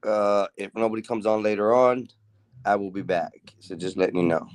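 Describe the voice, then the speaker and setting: A man's voice: fairly low pitch, normal speed, a little mellow, dry recording. A man on a livestream call, speaking outdoors in a laid-back, polite way. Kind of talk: casual livestream chat. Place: outdoors behind his house.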